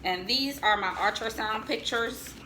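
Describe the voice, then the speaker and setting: Chatty woman with a bright voice. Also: on the high side, measured pace, slight background noise, poor audio. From United States. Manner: chatty, joking asides to viewers, laughs often. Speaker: vlogger showing family photos. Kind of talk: casual chat to viewers.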